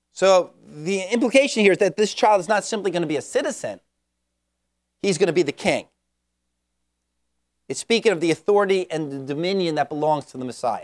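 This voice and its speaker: A man gives an expository Bible teaching in a slightly higher-than-usual voice. He reads scripture passages aloud and explains them step by step in an explanatory manner. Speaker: preacher.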